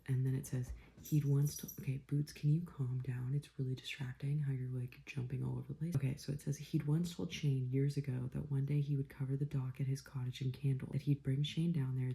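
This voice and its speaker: Gravelly, dark-voiced woman reading aloud. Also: a bass voice. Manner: excitable, often drops to a whisper. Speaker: book vlogger. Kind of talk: casual reading vlog, reading aloud with reactions.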